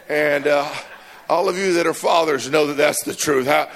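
A man's voice: on the high side, a little slow, fairly bright tone. A man preaching a sermon in church, telling jokes and stories with self-deprecating humor. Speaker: pastor.

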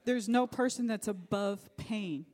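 A woman's voice: medium pitch, a little slow, a little mellow, soft background music. A middle-aged woman pastor preaching a sermon, telling a personal story in an earnest, faith-focused way.

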